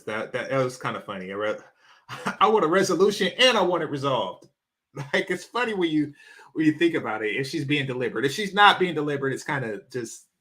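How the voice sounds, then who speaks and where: A man hosting a live stream, making blunt, crude and profane rapid-fire comments. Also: mid-range voice, sharp tone. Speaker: stream host reacting to a clip.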